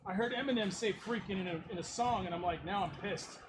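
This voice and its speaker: A man's voice: high voice, fast talker. A man chatting and joking in a workshop, swearing a lot, his voice run through a voice changer. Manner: profane, joking, mimics others. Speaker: shop owner hosting open shop. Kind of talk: casual workshop banter. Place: noisy prop workshop. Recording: sanding noise in workshop.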